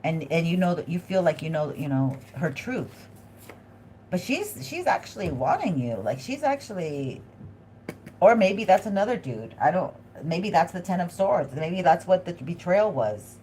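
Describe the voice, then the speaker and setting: A woman with a fairly low voice hosts a live tarot reading. She talks straight to her viewers and thinks aloud in a chatty, excitable way. A faint hiss of noise sits behind her. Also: normal speed. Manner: addresses viewers directly. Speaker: tarot reader hosting a live stream.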